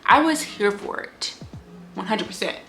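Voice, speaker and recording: A woman giving a casual book review on her vlog, talking in an animated, candid way, swearing freely and acting out lines from the story. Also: medium pitch, unhurried, faint music behind. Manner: animated, candid and profane, acts out quotes.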